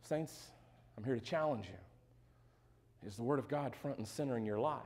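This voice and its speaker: A man's voice: medium pitch, expressive, moderate pace, darkish tone. A male pastor preaching a sermon in a conversational way, with joking asides and frequent questions to the congregation.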